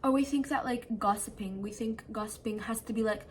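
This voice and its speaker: A woman's voice: fairly high pitch, fairly quick, slight background noise. A young adult woman in a casual late-night chat to her phone camera at home, earnest and full of "like" fillers. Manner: chatty, many "like" fillers, earnest. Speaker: vlogger. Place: at home, seated indoors at night.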